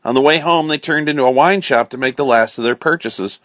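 A man reading a classic novel aloud as a bedtime story, calm and measured. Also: medium pitch, no room sound, studio quality.

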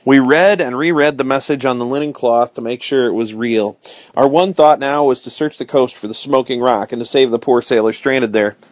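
Guy reading bedtime stories, steady and plain, mid pitch, dry sound. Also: normal speed, no room sound. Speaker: storyteller host. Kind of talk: bedtime story reading aloud.

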